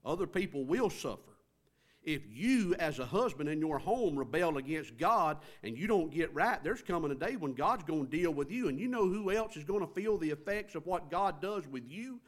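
A man's voice: a little high, lively intonation, normal speed. A male pastor, preaching a sermon in a church with rhetorical questions and rising emphasis. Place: church sanctuary.

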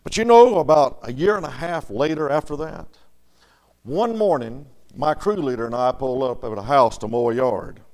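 A man preaching a storytelling sermon in a folksy way, dropping to soft murmurs and rising to loud, emphatic lines. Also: medium pitch, lively intonation, moderate pace.

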